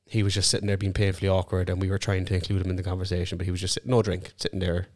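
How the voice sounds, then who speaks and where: A man's voice: low voice, monotone, racing, darkish tone, no echo. A young Irish man, a podcast co-host, telling rambling, sweary stories in casual chat.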